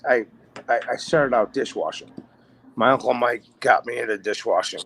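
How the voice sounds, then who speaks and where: A man's voice: medium pitch, normal speed, gravelly, a bit bright, a little hiss or hum. A man in his forties, a guest telling stories in a laid-back, profane way and saying "man" often. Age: 40s. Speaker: podcast guest, bass player. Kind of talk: casual chat storytelling.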